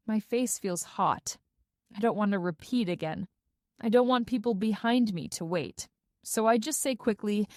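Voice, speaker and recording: Woman reading a graded story aloud, deliberate pace, dry close sound. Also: medium pitch, no room sound. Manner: careful, deliberate, expressive reading. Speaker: narrator. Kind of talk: slow graded-reader story narration.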